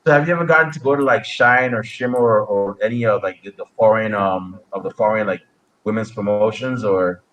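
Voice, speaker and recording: A man co-hosts an interview over a phone call, his voice fairly low. He asks his question haltingly, stopping and restarting as he hunts for the right words. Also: fairly bright tone. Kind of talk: casual video-call interview.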